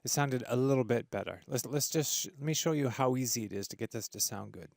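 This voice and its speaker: A man hosting a casual audio software tutorial, enthusiastic and full of fillers and restarts. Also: medium pitch, quick pace, gravelly, no echo, clean studio sound. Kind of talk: screen-recorded software tutorial. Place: home studio with treated room.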